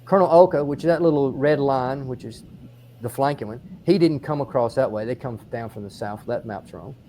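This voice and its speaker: A man with an Australian accent, a military historian giving an on-site battlefield explanation, telling the story in animated detail with frequent restarts. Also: mid-range voice, brisk, slight background noise. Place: outdoors on a battlefield.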